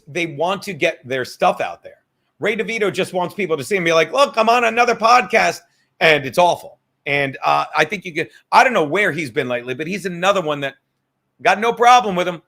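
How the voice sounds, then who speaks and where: Heated, bright-voiced man ranting on his podcast. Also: on the high side. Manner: profane, heated, sarcastic ranting; reads viewer super chats aloud. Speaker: podcast host. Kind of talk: casual ranting monologue.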